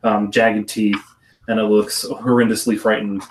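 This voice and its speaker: A man's voice: lowish voice, level tone, a little slow, far from the mic, a little hiss or hum. A man narrating a tabletop game as game master, hesitant and full of restarts, recording from a room at home. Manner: hesitant, many fillers and restarts.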